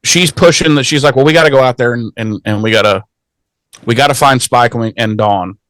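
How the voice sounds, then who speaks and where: A man's voice: medium pitch, brisk, a bit bright, no room sound. A man co-hosting a podcast, recapping a TV episode in casual, rambling, profane chat. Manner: profane, rambling, acts out characters in goofy voices. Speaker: podcast co-host.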